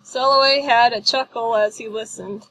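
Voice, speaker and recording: A woman's voice: fairly high pitch, fairly even intonation, normal speed, fairly bright tone, slight background noise, poor audio. A woman reading a storybook aloud, doing light voices for the characters. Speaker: audiobook narrator.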